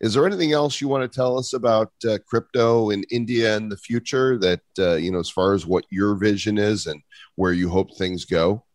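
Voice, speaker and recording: A man's voice: lowish voice, normal speed, dry recording. A middle-aged man hosting a podcast interview, jovial and teasing in casual chat. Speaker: podcast host.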